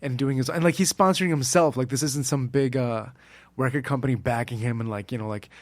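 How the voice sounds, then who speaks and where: A man's voice: medium pitch, fairly quick, no room sound, clean studio sound. Rambling, filler-heavy man on a podcast. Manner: rambling, many fillers and restarts. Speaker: podcast guest, music producer. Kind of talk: casual chat.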